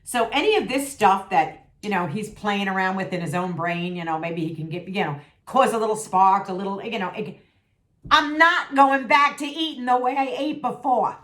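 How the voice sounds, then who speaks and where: A middle-aged woman vents to her followers in a casual vlog, sassy and emphatic, repeating herself to drive each point home. Her voice sits at a middle pitch and sounds a bit worn, as if she is losing it. The room around her is noticeably echoey. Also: moderate pace, a bit bright. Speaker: vlogger. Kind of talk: candid venting vlog.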